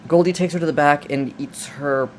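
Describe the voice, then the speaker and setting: A man's voice: on the high side, fairly even intonation, normal speed, slight background noise. Rambling, jokey man recapping a film. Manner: rambling, jokey, with restarts and asides. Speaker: video essayist. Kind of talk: casual film recap and commentary.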